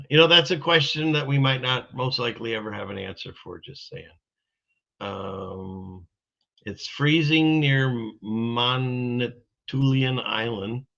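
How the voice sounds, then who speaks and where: A man's voice: medium pitch, vocal fry, pushed and bright. A man hosting a casual live stream, rambling in a folksy way as he reads out viewer comments. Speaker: streamer host. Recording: dull lo-fi stream audio.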